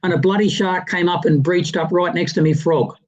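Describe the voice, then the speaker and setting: A man spins a long, rambling yarn, restarting his sentences as he goes. His voice sits a little higher than most men's and comes through dull and lo-fi over a video call. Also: a little fast. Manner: rambling, animated anecdote teller with many restarts. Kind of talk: casual storytelling on a livestream chat.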